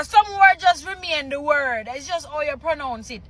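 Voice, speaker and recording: A woman's voice: high-pitched, expressive, normal speed, fairly bright tone, slight background noise, low-quality recording. A woman from Jamaica with a Jamaican accent, giving casual reaction commentary in an incredulous, exclaiming way and repeating herself for emphasis. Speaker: reaction video creator.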